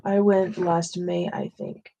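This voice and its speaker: A woman's voice: lowish voice, level tone, slow pace, creaky, dark tone, muffled recording. A woman co-hosting a live stream in casual chat, reading viewer comments aloud and giving short replies.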